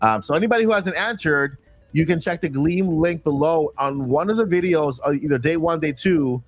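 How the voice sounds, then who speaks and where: A man's voice: on the high side, dry recording. A man hosting a casual group stream, circling back and repeating words as he talks. His voice is close and dry, with faint music in the background. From Florida. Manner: rambling, repeats words, halting restarts. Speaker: stream host.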